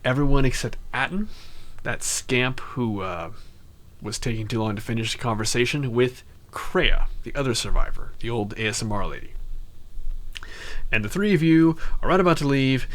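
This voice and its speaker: A man's voice: mid-range voice, normal speed, a bit bright. A young man hosting casual game commentary, chatty and rambling, who often jumps into mock voices. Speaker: gaming channel host.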